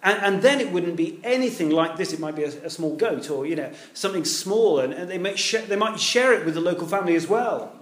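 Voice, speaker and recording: A man preaching a sermon to a congregation, animated, acting out the quoted voices and putting questions to his listeners. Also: high-pitched, a little fast, few pauses. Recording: echoey hall.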